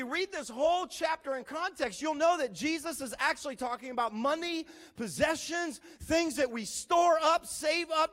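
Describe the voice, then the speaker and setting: Delivering his sermon as a lively storyteller, a pastor with a very high-pitched voice mimics beeping noises. He alternates between forceful, loud emphasis and whispered side remarks.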